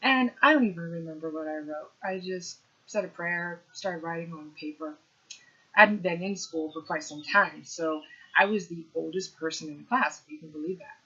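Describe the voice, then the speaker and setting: A middle-aged woman, a comedian, telling a story in an animated, punchy way with playful asides. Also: lowish voice, normal speed, lo-fi sound. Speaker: stand-up comedian. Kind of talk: storytelling monologue.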